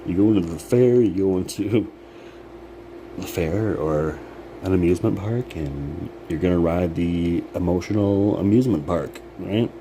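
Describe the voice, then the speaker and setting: A man's voice: sits low, measured pace. A man giving a casual, rambling motivational talk, swearing freely and laughing at his own remarks. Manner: rambling, profane, laughs often. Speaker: vlogger. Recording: background noise, air conditioning hum.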